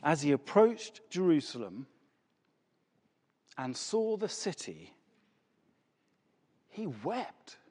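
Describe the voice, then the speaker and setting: A man preaches in a large church hall, his voice high and sweeping up and down as he stresses words. He asks rhetorical questions and repeats key phrases, and a long hall reverb trails each line. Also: very animated, takes it slowly, long pauses, a little mellow. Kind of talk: sermon.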